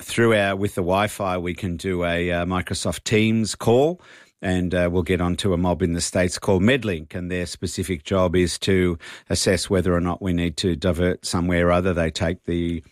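Aussie bloke, really low voice, lots of uh and um, dry close sound. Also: male voice, little pitch movement, no echo. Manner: halting, many fillers. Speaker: airline guest. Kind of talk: radio interview.

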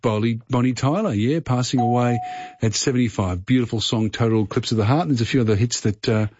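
A man with an Australian accent hosts a phone-in quiz on talkback radio, chatting casually in a friendly, rambling way full of fillers and restarts. His voice is medium-pitched, a little mellow, and quick. The radio broadcast sounds slightly muffled, with slight background noise.

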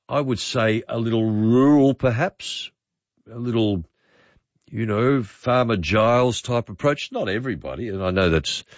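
A middle-aged Australian man hosting overnight talkback radio, musing aloud with frequent pauses and fillers. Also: on the low side, no room sound, muffled recording. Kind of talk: late-night talkback radio. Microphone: studio microphone.

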